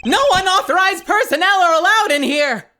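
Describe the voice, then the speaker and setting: A woman voicing an overeager young male court bailiff in a game, shouting every line and closing each with "sir". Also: extremely high pitch, animated, moderate pace, voice pushed up, heavily acted. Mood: barking orders. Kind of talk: game voice acting on a stream.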